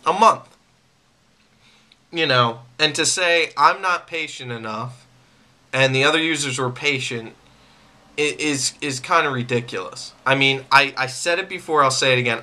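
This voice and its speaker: An angry man rants straight to camera, his voice strikingly bright and sharp. He circles back to the same complaints again and again, stumbling over his words and restarting sentences as his irritation builds. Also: medium pitch, moderate pace. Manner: irritated, repetitive, stammering restarts. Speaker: vlogger.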